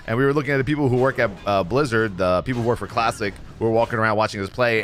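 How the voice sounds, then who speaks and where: A man streamer casually recounting a gaming event, animated and jokey, acting out what others said. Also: fairly low pitch, slight background noise. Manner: animated, jokey storytelling with mimicked quotes. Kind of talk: casual gameplay commentary.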